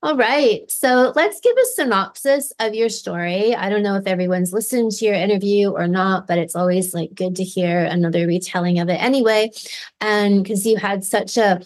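A woman hosting a live online event, leading a slow guided visualization and then chatting upbeat with a guest over video call. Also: mid-range voice. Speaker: host.

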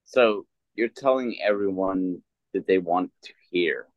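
A man's voice: deep voice, no echo. A man who works offshore, a podcast guest in casual chat, talking hesitantly with many fillers. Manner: slow, hesitant, filler-heavy. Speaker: guest, offshore oil worker. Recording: dull, dry lo-fi audio.

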